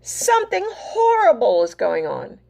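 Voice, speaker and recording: A woman voicing a frantic, worried hen in a read-aloud picture book, her voice pushed up high with breathless alarm. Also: wildly swooping pitch, unhurried, gravelly, mellow, heavily acted.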